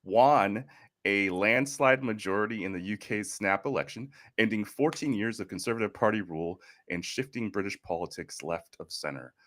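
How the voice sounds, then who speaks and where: A man's voice: fairly low pitch, lively intonation, moderate pace, fairly bright tone. A man co-hosting a podcast in casual chat, explaining the news in an easygoing way and laughing easily. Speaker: podcast co-host.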